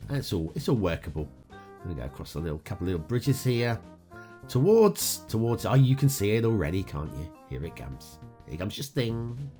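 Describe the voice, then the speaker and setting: A man's voice: on the low side, sing-song, fairly quick. A man hosting a game review show, talking through gameplay in an upbeat, chatty way with frequent "uh" fillers. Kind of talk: casual gameplay commentary. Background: faint guitar music.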